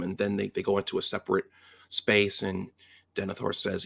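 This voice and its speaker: A man's voice: fairly low pitch, steady tone, normal speed, creaky, a bit bright. A man casually retelling film scenes as a commentator, in a conversational way that often restarts and checks in with the listener.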